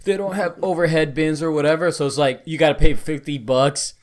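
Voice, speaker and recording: A man's voice: fairly high pitch, steady tone, brisk. A young man co-hosting a podcast, telling a story in casual chat with slang and jokes. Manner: joking, laid-back slang. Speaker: podcast co-host.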